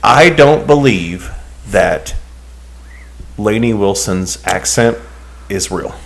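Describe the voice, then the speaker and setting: A man's voice: lowish voice, animated, slow pace, vocal fry. A man co-hosting a podcast in casual chat, rambling and hesitant, restarting his sentences often. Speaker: podcast co-host.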